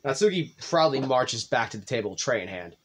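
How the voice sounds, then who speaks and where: A man hosting a let's play, reading visual novel narration aloud in a plain, slightly halting way. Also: mid-range voice, sing-song, slight background noise.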